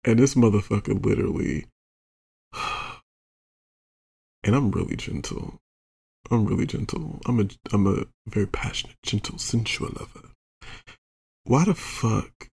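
A man's voice: on the low side, measured pace, gravelly, long pauses, darkish tone, slightly rough. A man hosting a podcast, telling a profane, exasperated story with lots of acted-out quotes. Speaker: podcast host. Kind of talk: explicit comedic storytelling monologue.

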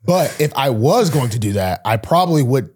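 Husky, lively young man telling a story. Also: moderate pace. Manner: animated, acts out quoted voices with big pitch jumps. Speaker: podcast host, pro football player. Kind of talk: casual storytelling chat.

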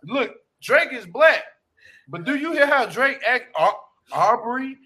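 A man with a high, bright voice, talking in a casual joking chat. He tells stories loudly and with lots of slang, laughing as he goes. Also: a little slow, slight background noise. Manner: loud, laughing, slangy, animated storytelling.

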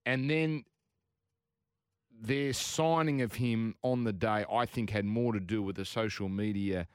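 A man's voice: on the low side, fairly even intonation, measured pace, darkish tone, clear, resonant tone, no room sound. Brief: Australian male host, dry close sound, opinionated sports rant. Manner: opinionated, ranting. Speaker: radio sports show host. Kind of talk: casual sports banter.

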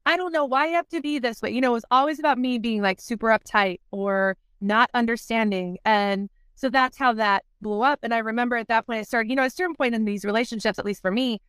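A woman with a fairly high, smooth and resonant voice recounts her story candidly as a podcast guest. Her talk is loose and chatty, full of "like", and she slips into the voices of people she quotes. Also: quick pace, hardly any pauses, a bit bright, no room sound, studio quality. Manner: candid, fills speech with "like", acts out past quotes. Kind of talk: conversational storytelling.

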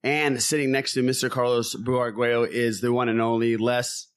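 A man's voice: mid-range voice, level tone, moderate pace, no room sound. Upbeat man hosting a podcast, dry sound. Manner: upbeat, jokey, laughs often. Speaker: podcast host. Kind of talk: casual podcast chat.

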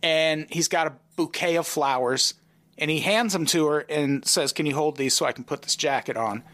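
A man's voice: on the high side, normal speed, fairly bright tone. A man co-hosting a comedy podcast, reading out a news story in a wry, casual way. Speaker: podcast co-host.

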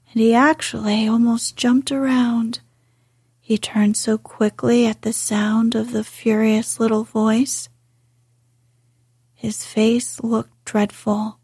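A woman reading a classic story aloud in a soft, unhurried whisper. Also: a little high, husky, no room sound, studio quality. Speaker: narrator.

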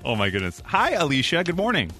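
Man, morning radio host, playful, upbeat, slightly high voice. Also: huge pitch swings, fast, bright, forceful tone, faint music behind. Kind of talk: casual morning show chat.

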